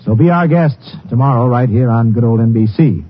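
A man reading a polished, warmly delivered 1950s radio network promotion. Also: medium pitch, fairly quick, slight background noise. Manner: warm, polished announcing. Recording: dull old radio broadcast.

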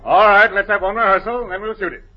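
An actor playing a brisk, bossy, exasperated film director in 1940s radio-comedy style. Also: male voice, sits high, steady tone. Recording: dull old radio broadcast.

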